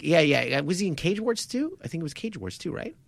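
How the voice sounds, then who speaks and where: A man on a podcast, chatting casually about martial arts fights, animated and quick to laugh as he acts out his own reactions. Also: fairly high pitch, creaky, dry recording. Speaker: podcast co-host. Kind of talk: casual sports chat.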